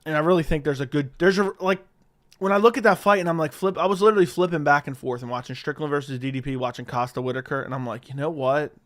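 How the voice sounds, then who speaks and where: A fast talker with a high-leaning, fairly bright voice, this man hosts a live stream. He casually reads viewer questions aloud, answers them offhand, and swears freely into a studio dynamic mic.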